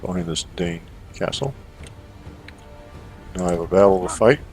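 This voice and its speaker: Casting: deep, gravelly man, calm and measured, talking through a strategy game. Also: soft background music. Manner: measured, thinks aloud with fillers. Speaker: gameplay commentator. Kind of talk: strategy gameplay commentary.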